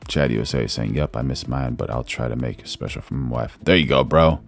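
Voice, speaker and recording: A man's voice: extremely low pitch, fast, gravelly, faint music behind. A man hosting a live stream in a laid-back chat, reading the chat aloud and calling people bro. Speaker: livestream host.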